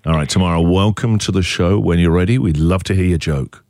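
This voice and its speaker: A man's voice: low-pitched, brisk, darkish tone, no echo, studio quality. A man hosting a breakfast radio show, chatting with callers in an upbeat, teasing and encouraging way. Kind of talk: lively radio banter with callers. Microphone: studio mic.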